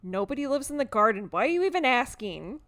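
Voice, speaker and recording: A woman's voice: medium pitch, steady tone, measured pace, smooth, lightly acted. A woman voicing a grumpy, prickly cousin who talks in a curt, snappish way in a video game.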